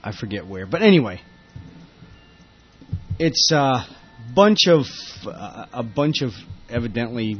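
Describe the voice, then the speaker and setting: A man's voice: medium pitch, big pitch swings, unhurried, pauses often, lo-fi sound, soft background music. A man hosting a casual tech podcast, rambling and laughing with many fillers. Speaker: podcast host. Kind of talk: casual tech show chat.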